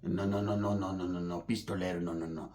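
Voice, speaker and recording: Man playing an older Spanish-speaking worker, low, slow, mumbly, suspicious. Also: level tone, darkish tone, close to an everyday voice. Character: older male Mexican yard worker, gruff and suspicious.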